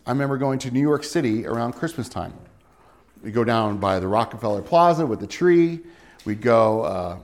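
A middle-aged man preaching a sermon in a conversational, folksy way, with homey asides and rhetorical questions, and a hushed, earnest tone when praying. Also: medium pitch. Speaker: pastor.

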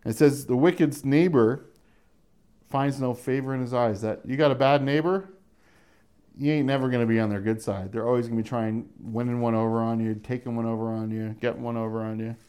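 A middle-aged man working through scripture verse by verse in a relaxed, conversational way. His voice sits at an ordinary pitch, and he often chuckles and acts out the people he quotes. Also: quick pace, clear, resonant tone. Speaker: pastor teaching a Bible study. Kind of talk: casual verse-by-verse Bible teaching.

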